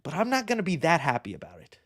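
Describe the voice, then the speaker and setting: A man hosting a movie news show, talking in an excitable, slangy and rambling way. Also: fairly high pitch, fast, no room sound, studio quality. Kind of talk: casual movie news commentary.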